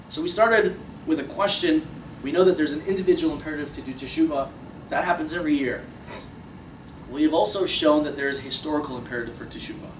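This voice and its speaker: Impassioned man lecturing in an echoey room. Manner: impassioned, rising to emphatic peaks then dropping low. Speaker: Torah teacher. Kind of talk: religious lecture. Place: room with listeners. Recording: echoey room, distant mic, faint noise.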